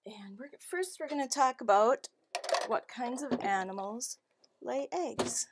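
A woman speaks to small children in a lively, sing-song teaching voice, her pitch leaping with every question. She talks slowly and a touch high, with faint noise under the recording. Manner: sing-song, exaggerated questions and gasps for kids. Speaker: children's storytime presenter.

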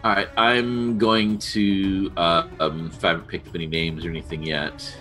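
A man's voice: deep voice, flat delivery, normal speed, bright, forceful tone, faint music behind. A man playing a tabletop role-playing game, asking questions hesitantly about what his character sees. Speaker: player. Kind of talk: casual tabletop play.

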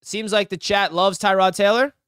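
Young male streamer, high voice, dry close sound, hyped and rambling to his chat. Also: steady tone, normal speed, fairly bright tone, clean tone, no echo. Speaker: live stream host. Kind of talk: excited live-stream sports reaction.

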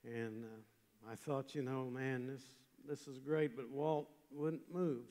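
An older man preaching a chapel sermon, telling a story with emphatic swings from loud passages to hushed ones. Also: mid-range voice, fairly even intonation, takes it slowly. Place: large chapel. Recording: long hall reverb.

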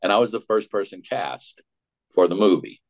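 A man, a voice actor, telling lively stories in an interview and acting out the dialogue he quotes. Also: on the low side, moderate pace. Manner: animated storyteller, acts out quoted dialogue. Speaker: voice actor guest. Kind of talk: storytelling interview. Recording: dull lo-fi audio.

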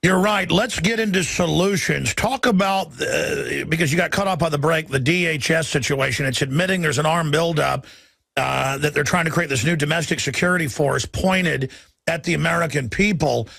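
A man hosting a political talk radio show, urgent and rapid, piling up topics with frequent fillers. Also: fairly high pitch, vocal fry, a bit bright, breathy edge, dry recording.

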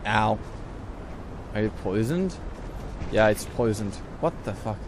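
A young man giving casual gameplay commentary who swears a lot and bursts out loudly at sudden mishaps. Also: fairly low pitch, expressive, slow pace, background noise. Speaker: let's play host.

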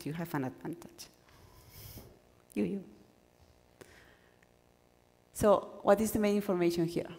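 A woman whose first language is Spanish gives a lively workshop lecture to doctoral students, acting out examples and often restarting her sentences. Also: lowish voice, unhurried, pauses often. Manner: animated, acts out examples, stumbles and restarts. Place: lecture hall. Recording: lecture hall with long reverb.

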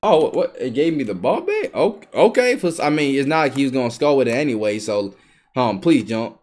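Young dude gaming, talks trash nonstop, repeats himself a lot, keyboard clacking behind. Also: male voice, medium pitch, very animated, a little fast, a little mellow, slight background noise. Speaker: gaming streamer. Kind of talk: live gameplay commentary.

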